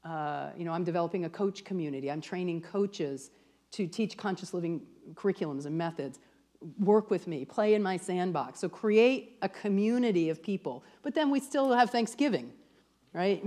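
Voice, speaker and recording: A woman spiritual teacher leading a church workshop with a live audience. She talks in a lively, chatty way, full of "like" and the odd swear. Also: mid-range voice, normal speed.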